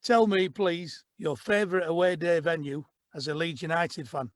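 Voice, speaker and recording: A man's voice: on the high side, steady tone, moderate pace, dry recording, studio quality. A man hosting a football podcast, upbeat and jokey as he interviews a guest. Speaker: podcast host. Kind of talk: casual interview.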